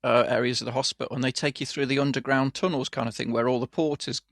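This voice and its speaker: A man's voice: mid-range voice, steady tone, quick pace, gravelly, fairly bright tone, no echo, clean studio sound. A man co-hosting a casual podcast chat, rambling through stories and acting out the voices of the people in them. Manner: rambling storyteller, acts out quoted voices, laughs often. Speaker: podcast co-host.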